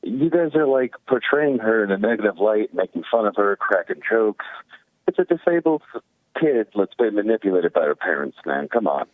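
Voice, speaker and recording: A man from California calls into a radio show, hesitant and worked up as he argues his point. His voice sits low but swings widely in pitch. He is heard over a thin, tinny phone line with a dry sound. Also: very animated, normal speed, no echo. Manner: emotional, hesitant, full of fillers. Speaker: caller. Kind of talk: call-in radio talk.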